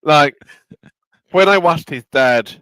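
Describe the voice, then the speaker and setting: Man, co-host, bright, crisp voice, blunt, bantering, dry close mic. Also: fairly high pitch, takes it slowly, no echo, low-quality recording. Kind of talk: casual football watchalong chat.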